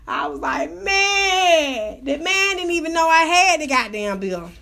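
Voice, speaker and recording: A woman hosting her own radio show, telling wild stories in a loud, profane, animated way. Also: very high voice, a little slow. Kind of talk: casual storytelling monologue.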